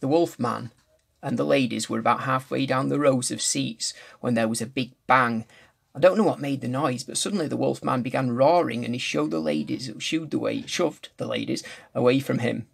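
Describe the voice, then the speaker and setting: A man reads a storybook aloud in a very gravelly, husky voice. He stumbles over words now and then and goes back to correct himself. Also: mid-range voice, animated, moderate pace. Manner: restarts and corrects slips while reading. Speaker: reader. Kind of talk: reading a novel aloud.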